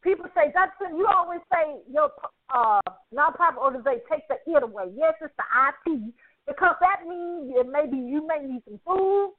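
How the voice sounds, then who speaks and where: A woman's voice: high-pitched, expressive, normal speed. A woman hosting a radio talk show, effusive and encouraging, laughing often. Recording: phone line.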